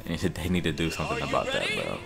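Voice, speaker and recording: A young man narrating his own ranked matches into a desktop microphone. His voice leaps wildly up and down as he shifts from low grumbling to sudden yells. Loud game music plays behind him. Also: very fast, vocal fry. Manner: excitable, yelling reactions between muttered complaints. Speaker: gamer playing ranked matches. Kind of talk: casual live gameplay commentary. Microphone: desktop USB microphone.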